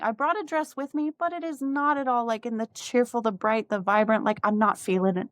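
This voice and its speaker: A woman's voice: on the high side, fairly even intonation, brisk, few pauses, dry recording. A middle-aged woman, a podcast host and life coach, telling a personal story candidly and with feeling, with frequent asides.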